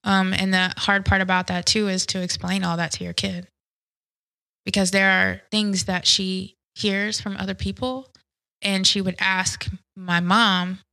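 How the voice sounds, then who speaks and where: A woman in an interview, speaking candidly and reflectively about her past, often pausing and restarting her sentences. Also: medium pitch, flat delivery, vocal fry, sharp tone, rough recording. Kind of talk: personal testimony interview.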